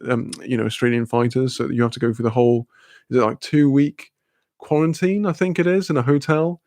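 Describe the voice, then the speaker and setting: A man's voice: medium pitch, fairly even intonation, a little fast, a little mellow, dry recording, studio quality. A Welsh man streaming a casual chat, laughing often, swearing freely and reading chat messages aloud. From Wales.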